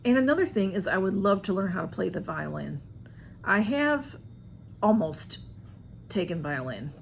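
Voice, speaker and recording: A woman's voice: medium pitch, sing-song, normal speed, creaky, slight background noise. A woman chatting casually at home, answering a list of personal questions in a rambling, self-deprecating way. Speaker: vlogger.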